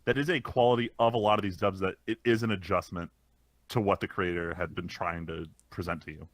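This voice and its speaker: A man's voice: sits low, steady tone, fairly quick, no room sound. A man co-hosting a casual podcast, ranting and explaining at length with some swearing. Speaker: podcast co-host. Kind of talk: casual chat.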